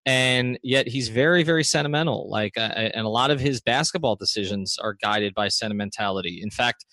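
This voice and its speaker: A man's voice: medium pitch, a little fast, pushed and bright, no echo. A man hosting a podcast, setting up background at length before asking his questions in a conversational way. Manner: conversational, thorough, sets up context before asking. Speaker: podcast host.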